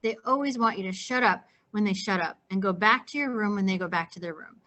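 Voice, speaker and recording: A woman teacher reading a novel aloud to her class in steady, plain narration. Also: medium pitch, a little fast. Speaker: English teacher.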